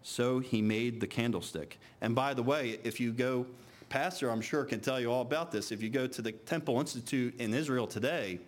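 A man preaching to a congregation, reading scripture aloud slowly and then talking casually with restarts. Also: medium pitch.

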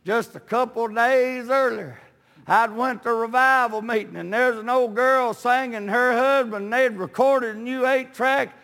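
High, gravelly older preacher. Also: male voice, big-room sound. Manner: folksy storytelling, peppered with amens, rising to shouts. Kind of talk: sermon with personal testimony. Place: church sanctuary.

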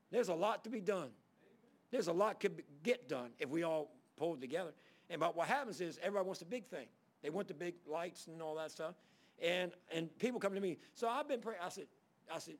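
A man's voice: fairly high pitch, expressive, fast talker. A man preaching a folksy sermon as pastor, reading scripture aloud between stories.

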